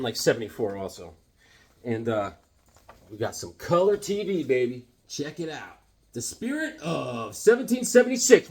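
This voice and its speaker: A middle-aged man casually showing off his comic collection, enthusiastic and rambling with lots of fillers and asides. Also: medium pitch. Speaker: comic book collector vlogger. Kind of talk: casual show-and-tell.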